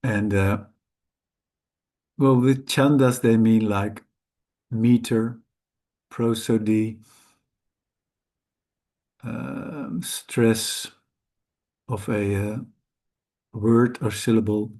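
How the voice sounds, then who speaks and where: Dutch guy teaching sanskrit letters real slow, stops and fixes himself a lot. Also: on the low side, steady tone, darkish tone. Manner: hesitant, halting, with frequent self-corrections. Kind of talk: slow, careful lesson while writing letters.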